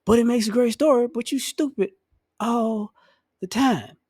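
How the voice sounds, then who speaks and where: A man delivering a blunt, profane, mocking rant in a casual monologue, now and then mimicking the people he mocks in high voices. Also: a little slow, a little mellow, no echo, clean studio sound. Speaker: commentary vlogger.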